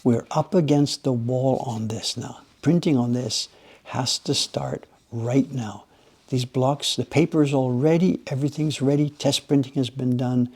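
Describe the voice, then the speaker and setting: A man with a gravelly, slightly husky voice talks casually to his livestream viewers while carving in his workshop. He rambles and tells stories with animated bursts, often dropping to a quiet murmur at the ends of his phrases. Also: medium pitch, unhurried. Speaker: livestream host, woodblock carver. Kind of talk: casual chat while working.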